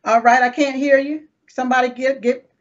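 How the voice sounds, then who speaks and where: A woman's voice: high voice, little pitch movement, brisk, lo-fi sound. A woman with a Southern accent hosting a live talk show, emphatic and folksy, repeating slogans and using terms of endearment.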